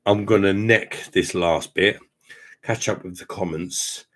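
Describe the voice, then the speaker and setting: A man's voice: low-pitched, a little slow. A tipsy man, chatting casually and rambling through a beer live stream at home, matey and swearing freely. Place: home room with sound panels.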